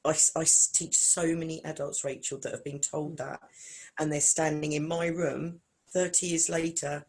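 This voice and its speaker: Speaking at a moderate pace in a low register, a singer and vocal coach in her forties chats casually as an interview guest. She tells her stories with animation, voicing each quoted character.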